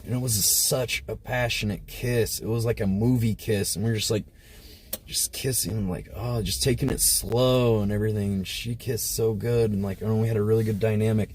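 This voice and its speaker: Rambling through a crude tale for his live chat, this host uses plenty of fillers in a low, slightly mellow voice with fairly even intonation and a moderate pace. A little hiss or hum sits in the audio.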